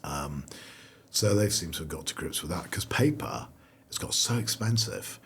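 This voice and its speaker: A middle-aged company founder rambles through his story in a relaxed interview. His voice is very low, and he trips over restarts and fillers as he goes. A faint ambient hiss sits underneath. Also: normal speed. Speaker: founder of a clothing brand; guest. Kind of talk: casual interview chat.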